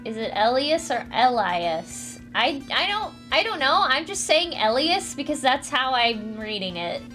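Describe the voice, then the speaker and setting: A woman's voice: sits high, animated, moderate pace, pushed and bright. Giggly woman streamer chatting at home. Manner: giggly, chatty, thanks donors. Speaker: streamer reading comics aloud. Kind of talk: casual livestream chat. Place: home room. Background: faint music, dryer running.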